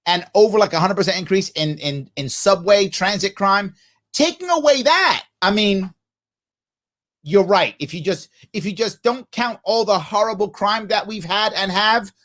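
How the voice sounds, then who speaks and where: Sarcastic, lively high-voiced male host. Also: normal speed. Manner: mocking, sarcastic. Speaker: podcast host. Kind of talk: sarcastic commentary on clips.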